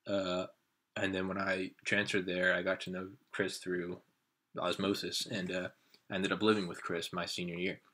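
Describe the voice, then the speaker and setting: A man's voice: low-pitched, flat delivery, moderate pace, sharp tone. A young man co-hosting a casual podcast, rambling through anecdotes and acting out what his friends said. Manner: rambling storyteller who acts out friends' lines. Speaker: podcast co-host. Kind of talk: casual chat.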